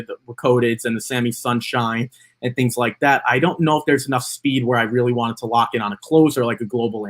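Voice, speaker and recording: A man co-hosting a horse racing podcast, talking through his picks in a casual chat, with frequent fillers and restarts as he thinks aloud. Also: mid-range voice. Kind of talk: casual betting analysis chat.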